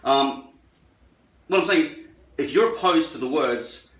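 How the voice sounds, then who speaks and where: A man's voice: on the high side, animated, measured pace, pauses often, fairly bright tone, recorded from a distance. Man ranting profanely in a roomy echo. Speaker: vlogger. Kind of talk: rambling monologue while trimming hair. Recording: roomy echo, away from the mic.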